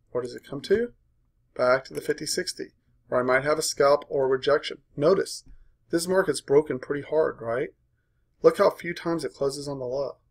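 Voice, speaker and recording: A man with a mid-pitched voice and a gravelly, fry-laden texture leads a live trading coaching session. He talks through a chart in clipped, punchy bursts and keeps checking in with "right?". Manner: brisk, punchy, tags points with "right?"; walks through a chart aloud.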